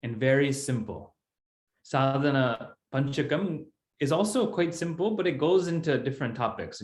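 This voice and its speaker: A man's voice: mid-range voice, reverberant. A man teaching a Sanskrit text in an online class, explaining step by step in a patient way.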